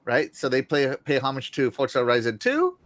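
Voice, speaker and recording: Male gaming podcast host, excitable and jokey, bouncy delivery, dry close sound. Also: mid-range voice, fairly quick, no echo. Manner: excitable, jokey, trails off quietly. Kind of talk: casual gaming talk show.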